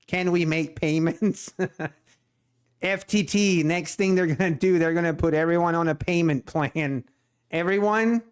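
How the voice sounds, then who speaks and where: A middle-aged man hosts a day-trading livestream in a casual chat. His voice sits a little high, and he takes his time, unhurried and playful. He jokes around as he talks. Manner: laid-back, joking, laughs often. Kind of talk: casual live-stream chat.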